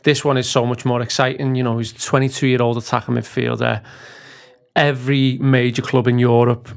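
A male podcast guest talking football, with a gravelly, fry-heavy voice at a middle pitch. He speaks in a measured, thoughtful way, pausing on the odd filler as he builds his point. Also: little pitch movement. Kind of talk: casual football podcast chat.

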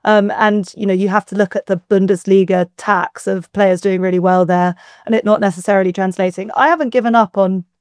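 A woman, a guest on a football chat, giving a wry, measured analysis. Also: mid-range voice, steady tone, clean tone, no echo, clean studio sound. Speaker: podcast guest.

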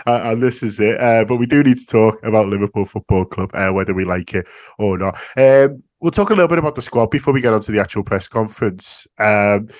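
A man's voice: lowish voice, quick pace, no room sound. Easygoing man hosting a chat show. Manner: easygoing, chatty, laughs along. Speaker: podcast host. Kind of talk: casual chat.

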